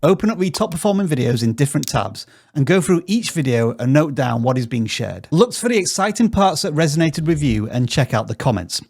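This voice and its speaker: Lively man hosting a scripted YouTube tips tutorial. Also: on the high side, a little fast, few pauses. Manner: upbeat, joking, direct advice. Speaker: YouTube growth tutorial host.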